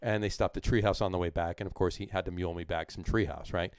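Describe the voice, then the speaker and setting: A man's voice: low-pitched, fairly even intonation, fast, smooth, studio quality. A man hosting a casual beer show, chatting loosely and echoing his co-host's words. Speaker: show host. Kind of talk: casual banter.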